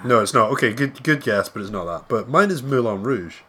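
A man co-hosting a casual podcast chat, trading dry, deadpan quips. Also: mid-range voice, brisk, slightly rough. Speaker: podcast co-host.

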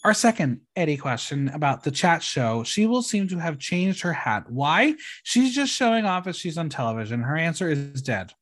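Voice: mid-range voice, very animated, moderate pace, few pauses. Wry, chatty podcast host. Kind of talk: casual recap chat.

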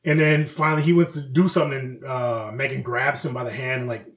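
This podcast co-host talks fast in a medium-pitched, slightly bright voice with fairly even intonation, recorded in an echoey room. In casual chat, he swears freely and performs the characters in his stories.

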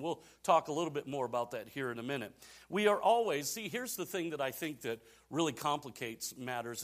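A male pastor delivering a sermon in a church, talking to the congregation like a friend. His fairly high voice falls into easy repetitions, then rises to emphatic peaks. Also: fairly bright tone.

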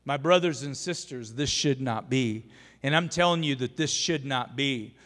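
A man preaching a sermon as pastor, animated and exhorting, acting out everyday scenes. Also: mid-range voice, normal speed. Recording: long hall reverb.

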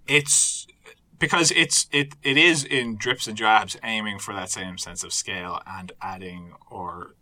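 A man's voice: sits low, pushed and bright. A man on a film review panel, blunt and sweary, often restarting sentences. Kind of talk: casual film review chat.

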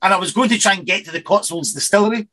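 A man's voice: high-pitched, racing, bright, forceful tone, poor audio. A man hosting a whisky show in a casual radio chat, rambling and correcting himself as he tells stories. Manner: rambling, self-correcting storyteller.

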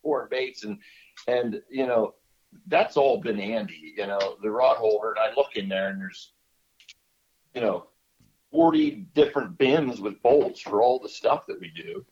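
A man's voice: mid-range voice, animated, a little slow, gravelly, darkish tone, breathy edge, muffled recording. A man co-hosting a casual chat, rambling through a list with fillers. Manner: rambling, lists things off with fillers. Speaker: podcast co-host.

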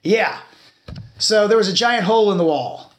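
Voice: medium pitch, expressive, normal speed. A podcast host telling a long story in casual chat, swearing freely and telling it with animation.

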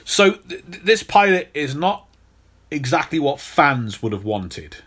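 A man's voice: on the high side, big pitch swings, unhurried, fairly bright tone. A man hosting a podcast, telling a long story in casual chat with many restarts. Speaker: podcast host.

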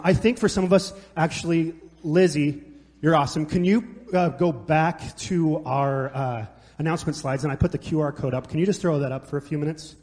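A man's voice: a little high, a little mellow. Passionate preacher man in a reverberant hall. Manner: passionate, conversational with jokes and restarts. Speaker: pastor. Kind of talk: sermon.

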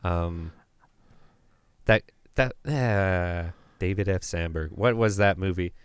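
A man on a horror film podcast, talking casually and full of fillers, who tells stories by acting out what each person said. His voice is fairly low for a man, smooth and clear. The recording is dry. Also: takes it slowly, no echo. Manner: storytelling, acts out quoted people, many fillers. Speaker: podcast co-host. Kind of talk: casual chat about horror films.

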